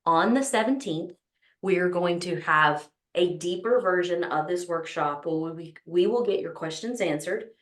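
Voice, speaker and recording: A woman's voice: fairly low pitch, moderate pace, echoey room. A woman with a Texas accent hosting an online business summit, talking enthusiastically with many ums and restarts. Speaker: summit host. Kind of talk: opening remarks at an online summit.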